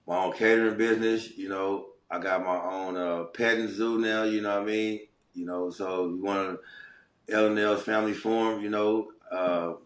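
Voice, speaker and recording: Middle-aged guy from watts, low voice, slangy and animated, echoey room. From Watts, Los Angeles. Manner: animated, slangy, chuckles between phrases. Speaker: guest. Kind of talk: casual storytelling. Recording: roomy echo.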